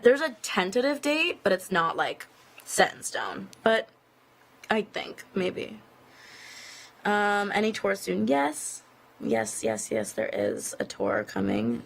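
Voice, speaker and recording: A woman's voice: medium pitch, creaky. A woman, a singer, answering fan questions in a casual live Q&A inside an office building, rambling and filling her talk with "like". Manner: chatty and rambling, full of "like" fillers. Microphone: phone streaming live video.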